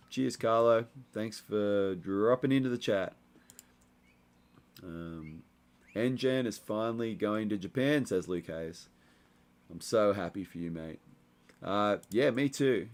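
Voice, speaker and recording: His voice sits on the low side, clear and resonant, as this young man hosts a laid-back livestream. He chats loosely while reading viewer messages, rambling along with many fillers in a relaxed manner.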